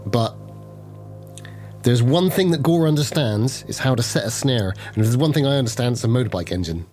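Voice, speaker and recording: A man playing a tabletop game, excitable and animated as he rolls dice and talks in character. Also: mid-range voice, brisk, faint music behind. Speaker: player.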